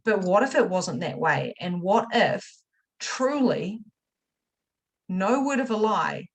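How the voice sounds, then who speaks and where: Animated, swearing woman money coach. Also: medium pitch, slow pace, husky, low-quality recording. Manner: animated, jumps from loud excitement to quiet, confessional asides; casual swearing, chatty direct address. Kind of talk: motivational masterclass talk.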